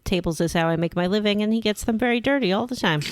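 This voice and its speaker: A woman's voice: medium pitch, quick pace, clean tone, no echo. A woman co-hosting a casual gaming podcast, dry and amused, reading listener mail aloud.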